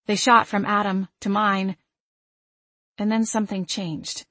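A woman narrating a first-person novel with an expressive, emotional reading. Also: mid-range voice, unhurried, dry recording. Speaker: audiobook narrator.

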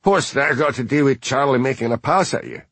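A man's voice: medium pitch, brisk, a bit bright, no room sound, voice pushed up. A man voicing a bullying, hard-drinking Scottish detective chief inspector who blusters and threatens. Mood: blustering.

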